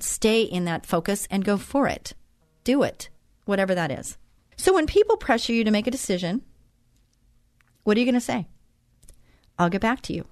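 A woman's voice: mid-range voice, a little mellow, no room sound. A woman hosting a faith talk show, speaking in an earnest, heartfelt and openly emotional way in an inspirational monologue from a studio.

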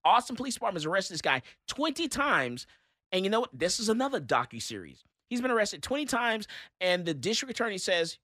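Male talk host, lively pitch, blunt storyteller. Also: fairly quick, no room sound, clean studio sound. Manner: animated storytelling, blunt opinions. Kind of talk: casual talk radio chat.

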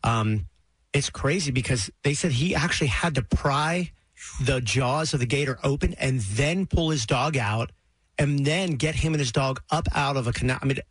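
A man's voice: medium pitch, normal speed, husky, no echo. A man hosting a morning radio show, chatty and upbeat, laughing often from a studio microphone.

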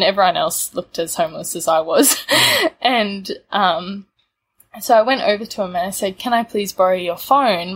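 A young Australian woman in her twenties, casually telling a story, laid-back and laughing often. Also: mid-range voice. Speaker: guest telling a travel story.

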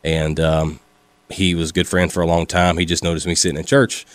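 A man's voice: deep voice, flat delivery, fairly quick, dry recording. A man in his thirties, a sheriff's deputy, talking plainly in a radio interview with many fillers and restarts.

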